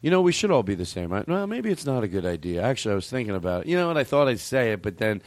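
A man's voice: on the low side, sing-song, racing, dry recording. Rambling man hosting a comedy podcast. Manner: rambling, self-correcting. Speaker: podcast host. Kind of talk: casual comedy podcast chat.

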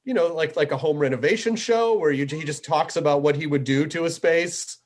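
A man's voice: on the high side, brisk. A man hosting a podcast in a casual, rambling way, full of filler words. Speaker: podcast host. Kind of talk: casual chat.

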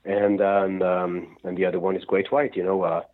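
Over a tinny phone line, a male rock singer gives a radio interview in a low-pitched, level voice at normal speed. He rambles and laughs frequently.

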